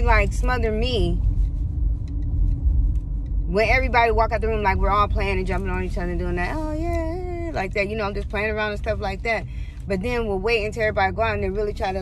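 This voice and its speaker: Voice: medium pitch, heavy background noise. A vlogger earnestly recounting a painful personal testimony straight to viewers, often repeating and restarting phrases. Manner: earnest and repetitive, stumbles and restarts, speaks directly to viewers as "y'all". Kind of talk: emotional personal testimony to camera.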